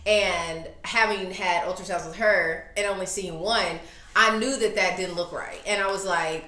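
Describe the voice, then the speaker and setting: A woman in her thirties telling a story in casual chat, animated and acting out the voices she quotes. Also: fairly low pitch, normal speed. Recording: echoey room.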